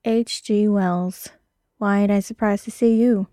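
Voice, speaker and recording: A woman voicing Elliot, a gruff, grumbling man, in a read-aloud story. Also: medium pitch, steady tone, unhurried, warm tone, no echo, studio quality, lightly acted.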